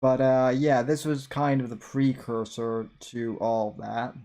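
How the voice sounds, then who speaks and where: A man's voice: mid-range voice, flat delivery, takes it slowly, dark tone. Rambling male podcast host. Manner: rambling asides, self-deprecating. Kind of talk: casual chat, commentary on an old episode.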